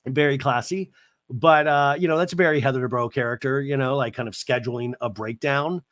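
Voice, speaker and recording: A man hosting a podcast, recapping a reality show with rapid, sarcastic asides. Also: medium pitch, fairly bright tone, no room sound, clean studio sound. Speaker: podcast host. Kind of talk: comedic TV recap.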